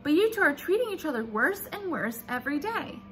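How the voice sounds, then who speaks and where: A stern male teacher speaks in a flat, measured way, correcting the children with firm patience, as a woman reads him aloud. He is a character in a children's storybook read-aloud, and his words stay even and controlled. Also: high-pitched, voice pushed up.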